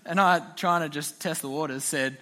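A young man giving a youth talk in a relaxed, chatty way, telling stories and laughing often. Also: fairly high pitch, normal speed. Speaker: youth pastor.

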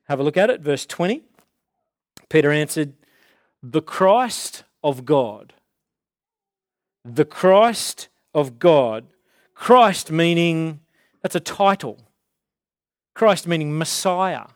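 A man preaching a casual sermon in a conversational way, slowing down to stress key words. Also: a little high, no echo, studio quality.

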